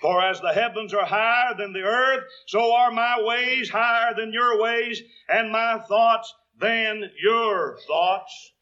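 Slow, high-voiced old-style preacher. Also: male voice, fairly even intonation, sharp tone, muffled recording. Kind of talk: sermon.

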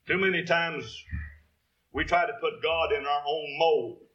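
A man's voice: fairly high pitch, fairly even intonation, measured pace, pushed and bright, muffled recording. A man preaching a sermon, quoting scripture in King James wording and building to emphatic peaks.

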